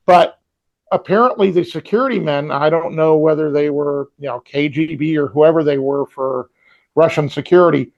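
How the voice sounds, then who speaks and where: A man's voice: fairly high pitch, vocal fry, dull audio. A man co-hosting a podcast from home, telling rambling anecdotes in casual chat with frequent ums and restarts. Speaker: podcast co-host. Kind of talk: casual storytelling. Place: home with a robot vacuum running.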